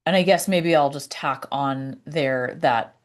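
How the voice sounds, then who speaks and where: A woman talking to camera about her personal healing, halting and searching for words with many fillers and restarts. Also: low-pitched. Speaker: vlogger. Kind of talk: reflective personal talk to camera.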